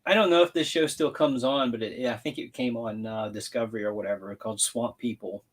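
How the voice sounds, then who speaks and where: A man from Louisiana chats on a live stream over a video call and laughs easily as he goes. His voice sits in an ordinary middle range. His manner is relaxed and unhurried. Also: mid-range voice. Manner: laughs often, easygoing. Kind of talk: casual chat on a live stream.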